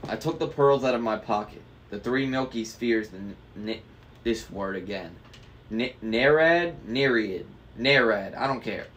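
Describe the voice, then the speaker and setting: A man's voice: on the low side, normal speed. A man reading a novel aloud in a casual way, stumbling now and then over hard words. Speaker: book reader.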